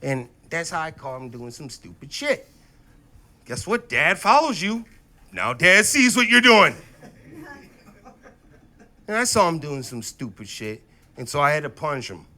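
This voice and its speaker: A man in his thirties doing a profane stand-up comedy set, swinging between loud outbursts and low, muttered asides. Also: very animated, unhurried, long pauses. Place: comedy stage before a live audience.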